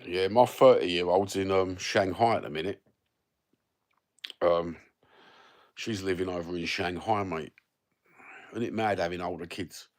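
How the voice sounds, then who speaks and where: A man's voice: low-pitched, a little slow, pauses often. A man, chatting casually with viewers in a rambling, sweary, blokey way. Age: 50s. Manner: sweary, blokey banter with lots of fillers. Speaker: livestreamer reading viewer comments.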